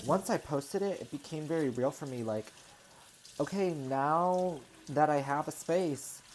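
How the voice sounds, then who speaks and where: Speaking into her own microphone by the sink, a vlogger in her 20s cleans up her home kitchen and chats casually. Her low voice is a little mellow and a little slow, and she rambles on with many "like" and "you know" fillers. Faint water and kitchen noises sit under poor audio with a slight hiss or hum.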